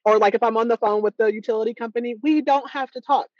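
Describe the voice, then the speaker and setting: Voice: medium pitch, steady tone, fast talker, no echo, muffled recording. A podcast host chatting casually, agreeing readily and joking about their own stubbornness. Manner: agreeable, frank, self-mocking with laughs.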